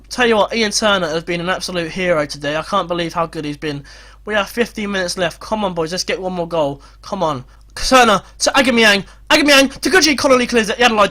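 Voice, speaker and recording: Young man, fairly high voice, excitable gaming commentary with yelling at big moments. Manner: shouts and cheers at goals, frantic play-by-play. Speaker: gaming YouTuber. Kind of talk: excited football game commentary.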